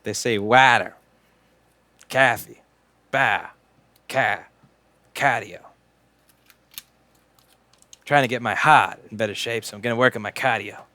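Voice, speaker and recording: A man's voice: mid-range voice, bright, forceful tone, dry recording. A man putting on a mocking Boston drawl. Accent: put-on Boston. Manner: drawn-out mocking vowels.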